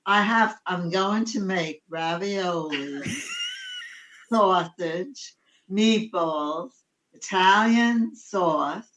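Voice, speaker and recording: Slow-spoken, lively woman guest. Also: mid-range voice, poor audio. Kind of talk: casual chat.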